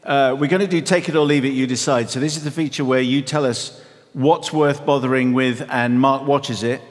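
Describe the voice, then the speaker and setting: A man's voice: medium pitch, fairly even intonation, moderate pace, big-room sound. A middle-aged man co-hosting a podcast, dry and teasing, reading listener emails in casual chat. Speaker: podcast co-host.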